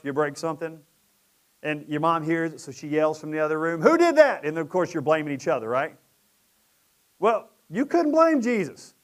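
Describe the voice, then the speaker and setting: A man's voice: high voice, clear, resonant tone. A middle-aged male pastor giving a sermon in a conversational style, often lifting into emphatic peaks.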